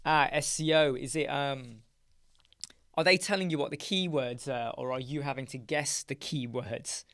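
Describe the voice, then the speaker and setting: A man hosts a casual live stream, talking to viewers while muttering asides as he works. His voice has a gravelly edge at a middling pitch. The sound is dry and close, with no room echo. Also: moderate pace, a bit bright. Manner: chatty, muttering asides while working on screen. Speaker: live stream host, web designer. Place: dark home studio with soundproof panels.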